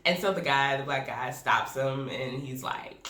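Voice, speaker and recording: Woman reviewer, frank and animated commentary, roomy echo, faint background hiss. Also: very deep voice, moderate pace, hardly any pauses. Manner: candid, animated, laughing often. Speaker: video reviewer. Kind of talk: casual reaction commentary. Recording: echoey room with faint noise.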